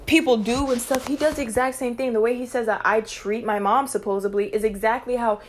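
A young woman telling a personal story on a vlog, venting in an animated, emphatic way. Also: on the high side, a little fast, slight background noise. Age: young adult. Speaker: vlogger.

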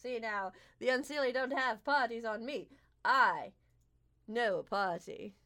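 A woman's voice: on the high side, a little slow, bright, forceful tone. A woman voicing a flamboyant male fae king who is a showy circus ringmaster in a tabletop game. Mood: chummy. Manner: theatrical, showy, grandly welcoming. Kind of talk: game master voicing a character.

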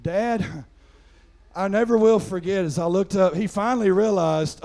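A man's voice: sits high, unhurried. A middle-aged man, preaching a sermon through a folksy personal story and peppering it with "amen". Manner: folksy storytelling, frequent "amen" fillers, rising to loud preaching. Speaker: pastor.

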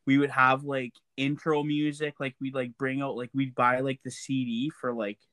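A man chatting casually, relaxed, with many fillers, as he tells a story about his brother. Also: mid-range voice, moderate pace, over a noisy crowd.

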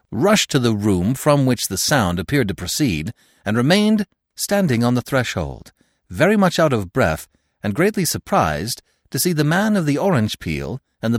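Expressive male storybook narrator. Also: mid-range voice, no echo, clean studio sound. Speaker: audiobook narrator. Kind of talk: scripted narration of a classic story.

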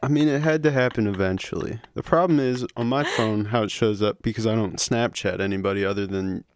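A young man co-hosting a casual podcast, with dry deadpan asides. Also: fairly low pitch, fairly quick, dry recording. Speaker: podcast co-host. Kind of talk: casual chat.

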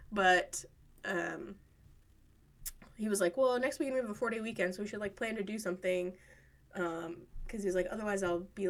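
A woman in casual conversation, telling stories with lively quoted voices. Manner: animated storytelling, voices quotes higher. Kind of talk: casual chat.

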